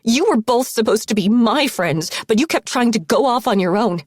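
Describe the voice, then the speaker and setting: A woman narrator voicing a ruthless, controlling young woman with a clipped, forceful delivery and a gravelly, husky edge. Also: a little high, expressive, normal speed, dry recording, studio quality, pitched above the performer's own voice. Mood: snarling.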